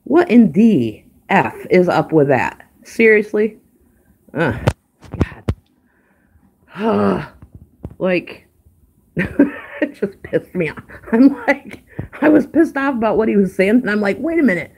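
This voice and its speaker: A woman's voice: medium pitch, very animated, takes it slowly, gravelly, long pauses, a little mellow, slight background noise. A woman hosting a casual livestream, ranting in an exasperated, profane way with sighs and asides to viewers. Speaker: livestream host.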